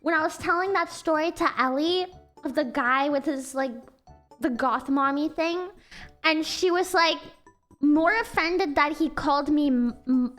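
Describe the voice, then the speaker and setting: A woman's voice: high voice, fairly bright tone. A woman with an American accent chatting casually on a livestream, giggly and rambling with lots of "like" fillers.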